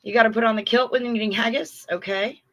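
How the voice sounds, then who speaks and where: A middle-aged livestream host with a slightly high, bright voice talks fast with fairly even intonation over lo-fi sound. Effusive and chatty, she reads viewer comments aloud in a casual chat.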